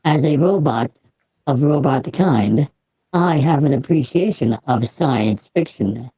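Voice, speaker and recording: A person playing a robot guest who talks earnestly and in a measured way about science fiction. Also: mid-range voice, expressive, dark tone, breathy edge, dry recording. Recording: dull lo-fi audio.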